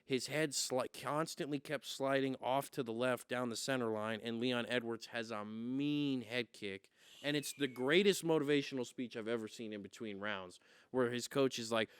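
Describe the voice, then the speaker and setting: A young man hosting a podcast and telling sports stories in casual, profane chat with loud acted-out quotes. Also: medium pitch, moderate pace, clear, resonant tone, dry recording, studio quality. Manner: profane storyteller who acts out quotes loudly. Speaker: podcast host.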